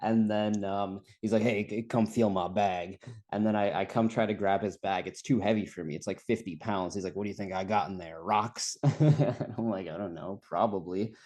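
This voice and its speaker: Low-voiced young man telling a rambling story. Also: fairly even intonation, normal speed, warm tone. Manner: rambling, laughing storytelling with heavy swearing. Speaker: guest storyteller. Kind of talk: casual chat.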